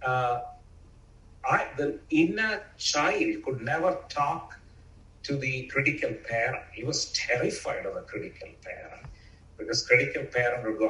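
A man's voice: mid-range voice, unhurried, sharp tone. A man telling a group his personal story in an earnest, reflective way, with casual fillers. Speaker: speaker sharing a personal story. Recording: roomy, from far off.

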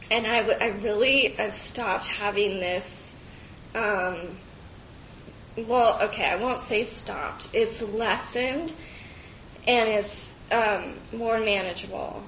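Slow, halting woman, roomy and dull. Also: a bit bright. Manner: halting, reflective, many fillers and restarts. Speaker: speaker sharing personal story. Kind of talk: personal testimony. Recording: dull roomy recording with faint rumble.

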